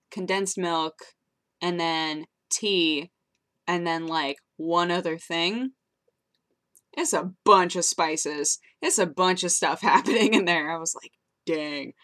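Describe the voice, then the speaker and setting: A woman's voice: on the low side, a bit bright. A young woman vlogging casually into her webcam, telling rambling stories with frequent giggles. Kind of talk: casual chatty vlog.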